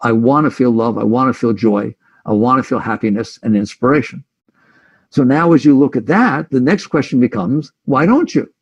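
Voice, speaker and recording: Speaking at a normal pace in a mid-range, gravelly and slightly husky voice, this male spiritual teacher reflects conversationally on spiritual matters. Often he gives voice to what his audience might be thinking. The recording has a flat, lo-fi quality.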